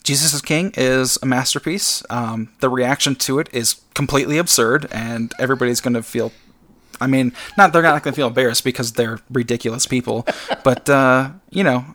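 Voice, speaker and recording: A man's voice: mid-range voice, normal speed, a bit bright. A man speaking as a podcast guest in casual chat, hesitant, with lots of fillers and laughs.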